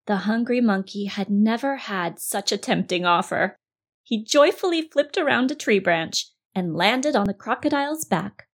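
A woman narrates a children's story in a lively, expressive reading voice. She often turns to speak directly to the young listener, like a storyteller at bedtime. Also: medium pitch, gravelly.

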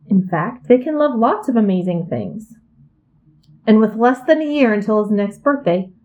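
A woman reading a children's picture book aloud, with expressive and playful emphasis. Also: mid-range voice, highs cut off. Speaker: storyteller.

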